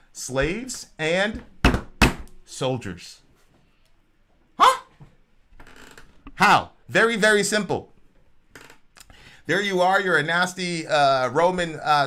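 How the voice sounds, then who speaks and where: Bright, animated preaching man. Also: a little high, unhurried, pauses often. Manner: animated, preachy, acts out quoted voices. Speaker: show co-host. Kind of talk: livestream commentary, preaching.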